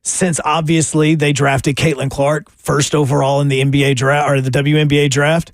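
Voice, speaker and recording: Excitable sports radio host, slightly high voice. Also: male voice, no room sound, studio quality. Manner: chatty, reads stats and takes calls, quick to get excited. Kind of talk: casual sports radio chat.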